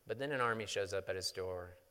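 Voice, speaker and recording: A man's voice: sits low, a little fast, sharp tone, smooth. A male pastor preaching a sermon, retelling a Bible story in a casual, conversational way with touches of humor. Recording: long hall reverb.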